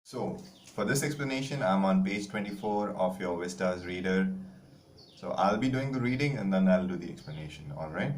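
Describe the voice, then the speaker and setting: Man, very low voice, rambling casual lesson, filler words, faint background noise. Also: lively intonation, moderate pace. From India. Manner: chatty, rambling, frequent "like" and "uh" fillers. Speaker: English teacher.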